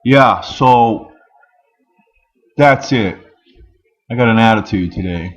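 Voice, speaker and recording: A man's voice: fairly low pitch, slow, pauses often, poor audio. A man in an angry, profane rant, firing off rhetorical questions. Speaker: vlogger.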